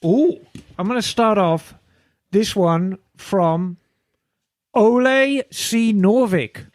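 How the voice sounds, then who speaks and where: A man's voice: high voice, takes it slowly, dry recording, clean studio sound. A man co-hosting a podcast, playful and theatrical when reading listener entries aloud. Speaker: podcast co-host. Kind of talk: casual chat.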